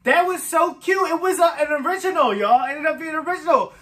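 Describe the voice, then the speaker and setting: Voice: high-pitched, fast, a bit bright. A music reaction host giving casual commentary, effusive and emotional, laughing often and talking straight to the viewers.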